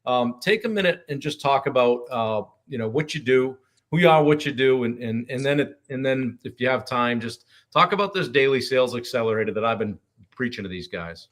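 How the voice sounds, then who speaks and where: A man hosting a casual live stream, relaxed and chatty, with frequent fillers and restarts, talking with a guest over a video call. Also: mid-range voice, a little fast.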